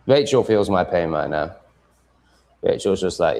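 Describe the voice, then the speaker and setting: A man's voice: low-pitched, animated, unhurried, vocal fry, darkish tone. A man with an English accent chatting with his livestream audience from home, blunt, profane and ranting. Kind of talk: casual livestream chat. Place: home room with cats.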